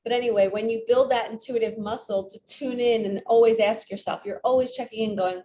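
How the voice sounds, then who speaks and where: A woman's voice: fairly high pitch, steady tone, a little fast, mellow, a little hiss or hum. Chatty woman vlogging as a spiritual coach. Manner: chatty, retells stories with quoted self-talk. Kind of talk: casual vlog storytelling.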